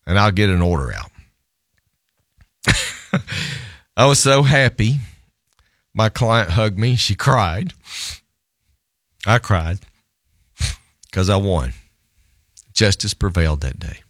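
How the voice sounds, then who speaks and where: A male lawyer telling a story in an animated, self-amused way, laughing often as he talks. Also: on the low side, slow, pauses often, dry recording, studio quality.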